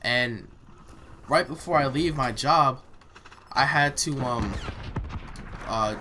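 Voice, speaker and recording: A man's voice: mid-range voice, slow pace, bright, forceful tone. Profane young man ranting over noise. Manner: blunt, heated and profane. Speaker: vlogger. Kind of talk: casual storytime while gaming. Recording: noisy home recording.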